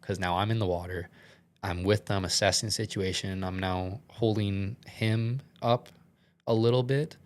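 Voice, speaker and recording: A man's voice: on the low side, fairly even intonation, moderate pace, darkish tone. A young man, a podcast guest, telling a story in a casual, rambling way with many filler words and some swearing, earnest and shaken.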